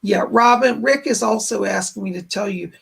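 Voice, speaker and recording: A man hosts psychic readings on a live stream, relaying spirit messages with repeated "he said" phrasing and warmly thanking his viewers again and again. His gravelly, husky voice sits high and moves at normal speed, but it sounds worn out and hoarse, as if it's giving out.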